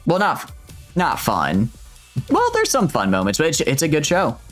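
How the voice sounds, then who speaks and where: A man's voice: a little high, wildly swooping pitch, moderate pace, a bit bright, soft background music. A man casually commenting on a video game as he plays, rambling, interrupting himself and reading the game's dialogue aloud. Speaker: streamer. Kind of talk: casual let's-play commentary.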